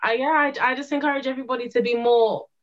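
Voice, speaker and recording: A woman speaking as a panel guest in a casual discussion, thoughtful and measured, building her point through an analogy. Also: sits high, fairly even intonation, highs cut off.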